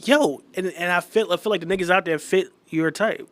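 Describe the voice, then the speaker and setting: A man's voice: high-pitched, a little fast, a bit bright. Teasing young man, blunt podcast co-host. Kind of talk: casual chat.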